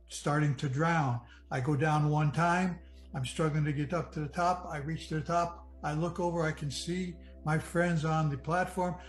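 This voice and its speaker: Man from Michigan, fairly high voice, earnest personal testimony, halting and reflective, soft music underneath. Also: low-quality recording. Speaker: near-death experience storyteller.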